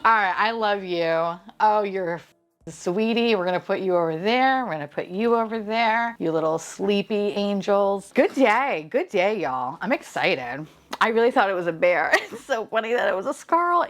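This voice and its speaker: A woman's voice: medium pitch, animated, normal speed. A woman, chatting casually while unboxing blind boxes, gushing, swearing freely and giggling often.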